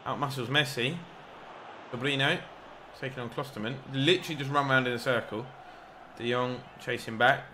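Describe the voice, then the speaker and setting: A young man giving excitable, rambling live commentary over a football video game, shouting encouragement at the players and joking at himself. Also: mid-range voice, normal speed, a little hiss or hum. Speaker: gaming YouTuber.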